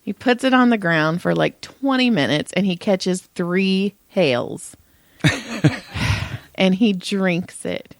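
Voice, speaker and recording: A woman's voice: fairly low pitch, slow pace, dry recording. A middle-aged woman co-hosting a podcast, telling family stories in casual chat, acting out voices and swearing freely. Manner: animated storytelling, acts out voices, swears. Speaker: podcast co-host.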